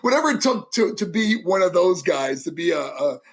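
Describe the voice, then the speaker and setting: A middle-aged man from New York, an interview guest telling lively anecdotes in casual storytelling and acting out other people's voices. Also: high-pitched, brisk, slightly rough. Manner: animated, acts out voices in anecdotes. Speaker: interview guest, former wrestler.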